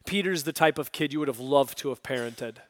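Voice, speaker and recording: A man preaching a sermon, acting out scripture voices and swinging from loud exclamations to hushed asides. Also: mid-range voice, a little fast, no room sound, clean studio sound. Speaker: pastor.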